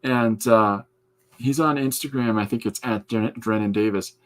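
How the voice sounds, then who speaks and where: In a casual live-stream from his art studio, a man who hosts a podcast and draws comics sketches while talking with viewers and answering their comments out loud. His voice sits on the low side, at normal speed.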